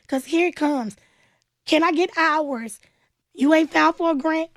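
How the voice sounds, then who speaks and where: Animated high-voiced woman. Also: unhurried, long pauses, no room sound, studio quality. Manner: animated, acts out quoted voices, plainspoken. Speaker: nonprofit founder, interview guest. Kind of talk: personal storytelling in a radio interview.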